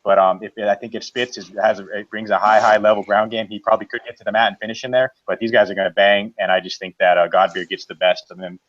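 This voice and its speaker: Co-host, male, lowish voice, halting picks over muffled lo-fi audio. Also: steady tone, fairly bright tone. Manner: halting, many fillers. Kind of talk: casual fight analysis.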